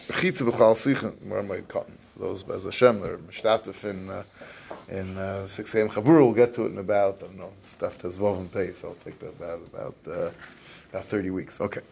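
A man's voice: low-pitched, fairly quick, vocal fry, a little mellow, a little hiss or hum. A man teaching an evening Torah class, reading verses, translating them and acting out what the people said, in Yeshivish English. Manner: Yeshivish English with Hebrew phrases.

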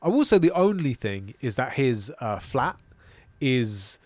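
A man's voice: mid-range voice, very animated, a little slow, dry recording. Chatty man, dry close sound. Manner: chatty, laughs while reading listener comments. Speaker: podcast co-host. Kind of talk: casual review chat.

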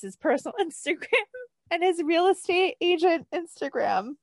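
A woman's voice: high voice, sing-song, normal speed, dry recording, clean studio sound. A woman from New Jersey co-hosting a podcast in casual chat, bubbly and laughing often. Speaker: podcast co-host.

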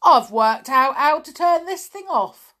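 Woman doing an excitable clumsy boy. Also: high-pitched, measured pace, voice pushed up. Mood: excited. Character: eager, clumsy young boy. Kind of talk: storybook reading.

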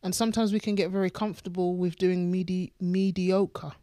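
A woman with a low voice co-hosting a faith podcast. She talks earnestly and with emphasis, repeating words as she builds toward a point. The sound is dry and close. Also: level tone, a little fast, dark tone, no echo. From United Kingdom. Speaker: podcast co-host, pastor. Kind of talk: casual faith chat.

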